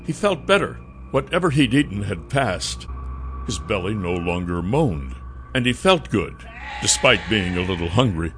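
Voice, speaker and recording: Casting: male storyteller, lowish voice, dramatic read, soft music behind. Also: animated, normal speed. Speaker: narrator. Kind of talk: audiobook narration.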